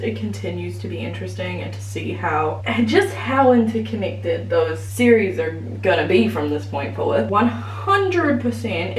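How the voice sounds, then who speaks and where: A woman's voice: fairly low pitch, slight background noise, rough recording. Chatty young New woman vlogging. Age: 20s. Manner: chatty, self-mocking, openly nervous. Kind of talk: casual reading vlog chat. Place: her bathroom at home. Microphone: camera on a tripod.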